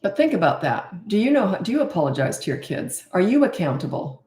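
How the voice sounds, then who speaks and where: A woman's voice: medium pitch, very animated, brisk, warm tone. Blunt middle-aged woman, parenting coach. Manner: blunt, acts out quoted dialogue. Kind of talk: casual advice talk. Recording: echoey room.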